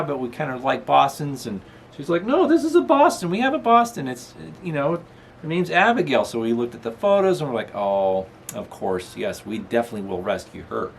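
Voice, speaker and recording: A man's voice: medium pitch, fairly bright tone, a little hiss or hum. A middle-aged man rambles through a casual home vlog, chuckling now and then. His voice rises and falls a lot. A faint room ambience sits underneath. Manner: rambling, chuckling, talks baby-talk to his dog. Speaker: channel host. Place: apartment room.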